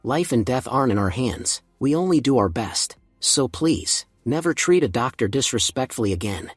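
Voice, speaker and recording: A self-assured young healer, read by a man with a slightly husky voice and a dry, close sound. He speaks calmly and casually, with a cocky edge, like a hero in a narrated comic recap. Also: mid-range voice, normal speed, no room sound, faint music behind. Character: confident young male healer, calm and cocky.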